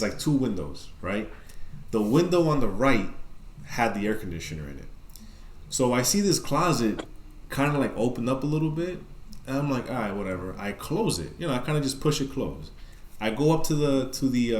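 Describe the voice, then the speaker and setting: A man with a New York accent and a lowish voice tells a story as a podcast guest, and the sound is reverberant. He's casual and animated, swearing a lot and packing his speech with filler words.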